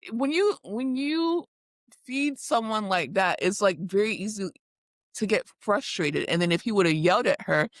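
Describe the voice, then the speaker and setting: A woman's voice: medium pitch, a bit bright, no room sound, clean studio sound. A woman guest on a podcast, giving blunt, emphatic commentary in casual slang. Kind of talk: casual reality TV recap chat.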